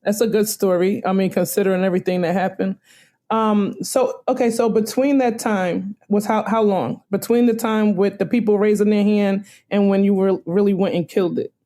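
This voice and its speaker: A woman's voice: mid-range voice, steady tone, normal speed, warm tone. A woman hosting an interview, asking a comedian questions with brief encouraging responses. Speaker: interview host. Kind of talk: casual interview.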